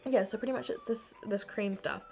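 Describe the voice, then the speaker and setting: A woman's voice: mid-range voice, fairly quick, a little mellow, faint music behind. A young woman telling funny stories to camera, chatty and self-mocking, full of "like". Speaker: beauty vlogger. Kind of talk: casual storytelling to camera. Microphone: camera mic.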